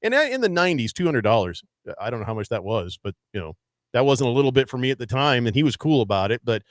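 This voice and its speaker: A man's voice: medium pitch, sing-song, fast, no room sound, clean studio sound. A man hosting a sports talk radio show, telling stories in a casual, rambling way full of fillers. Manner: rambling with many fillers and restarts. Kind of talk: casual storytelling chat. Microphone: studio microphone.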